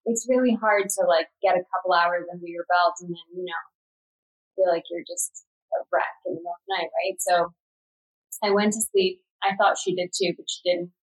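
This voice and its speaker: A woman's voice: fairly low pitch, brisk, rough recording. A woman in her thirties recounting a personal story in casual chat as a podcast guest. She talks animatedly, with many "like" fillers. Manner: animated, filler-heavy retelling with frequent "like".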